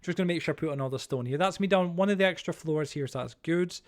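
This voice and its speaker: A man's voice: a little high, fast talker. A young man streaming a building game, chatting casually with his viewers and stumbling over his words with lots of fillers. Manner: chatty, reads chat aloud, many fillers and restarts. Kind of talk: live-stream chat while playing.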